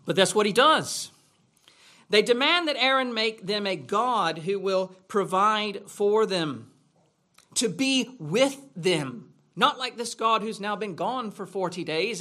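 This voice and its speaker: A man's voice: high voice, pushed and bright. A man preaching a sermon in a church, asking rhetorical questions in a conversational way. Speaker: pastor.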